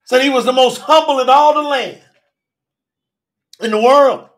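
A man's voice: extremely high pitch, unhurried, fairly bright tone. A male preacher delivering a sermon in an emphatic, colloquial way, often asking the congregation direct questions.

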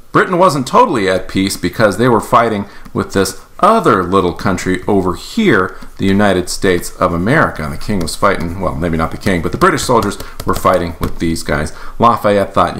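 A man tells a history tale in a casual, animated, playful way, as an author pitching his own book. His voice sits fairly low. He talks with the ease of someone chatting to young readers. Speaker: author telling his book's story.

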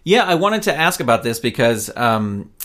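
A man's voice: medium pitch, sing-song, moderate pace, fairly bright tone. Podcast host: a man, friendly and encouraging, casual questions. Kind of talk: casual interview chat.

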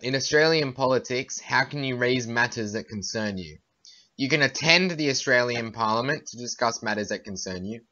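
A young man reads test questions aloud in a halting, hesitant way during casual podcast banter. His voice is bright and clear-toned. The audio is dull and lo-fi. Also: mid-range voice, expressive. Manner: hesitant, halting, fillers while reading. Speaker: podcast co-host. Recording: dull, lo-fi home recording.

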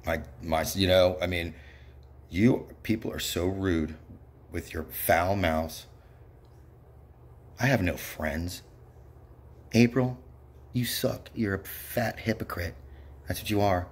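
A man's voice: low-pitched, slow, pauses often, breathy edge. A man delivering an angry, rambling monologue, bitter and profane, with frequent muttered asides. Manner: bitter, profane, ranting with repeated yeps.

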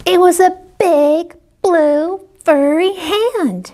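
A woman working as a children's librarian, reading stories aloud in a gentle, exclamatory way and asking the young listeners questions. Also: high voice, lively intonation, slow. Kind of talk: children's story read-aloud.

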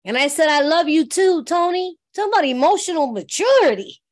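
High-voiced woman sharing a recovery story. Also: lively intonation, a little fast. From New York. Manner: heartfelt, conversational, often asks "you know what I mean". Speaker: workshop speaker. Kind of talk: personal recovery share.

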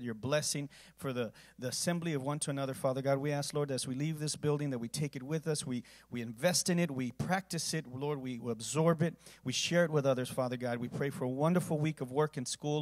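Male pastor, average pitch, earnest sermon delivery swinging from quiet to booming. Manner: earnest storytelling, volume swinging from hushed to loud. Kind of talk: sermon closing with communion and prayer.

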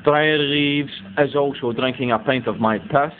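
A young man doing a joking mock football commentary among friends in a living room, excitable and cheeky with sudden yelps. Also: medium pitch, unhurried, a little hiss or hum. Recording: tinny lo-fi home video.

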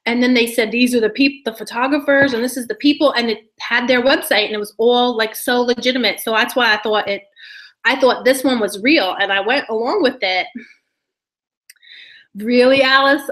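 Bright, giggly woman chatting to viewers. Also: on the high side. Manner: rambling, giggly, swears freely. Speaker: YouTuber talking to live chat. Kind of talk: casual chat to viewers.

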